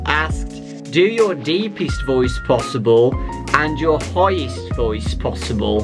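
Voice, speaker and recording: A man's voice: mid-range voice, lively intonation, slow, music in the background. A man hosting a casual chat show, reading out viewer questions in a jokey, easygoing way. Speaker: show host.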